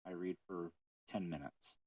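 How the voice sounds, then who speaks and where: A man co-hosting a casual podcast about faith, telling stories with animated retelling of what others said. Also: deep voice, unhurried, no echo, far from the mic, poor audio. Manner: storytelling, animated retelling of quotes. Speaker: podcast co-host.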